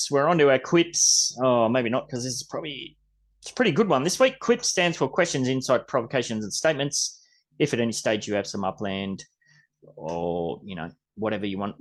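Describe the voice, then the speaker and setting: Chatty Australian man hosting a podcast. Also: on the low side. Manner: rambling, chatty, mild swearing. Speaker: podcast host. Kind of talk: casual podcast chat.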